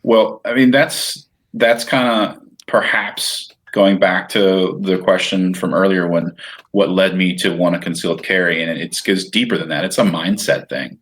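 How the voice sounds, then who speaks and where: A man with a notably low voice talks through his experiences as a podcast guest. He speaks candidly and loosely, trailing off and restarting his sentences as he thinks aloud. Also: steady tone, normal speed, fairly bright tone. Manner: candid, rambling, with frequent restarts. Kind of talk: casual interview chat.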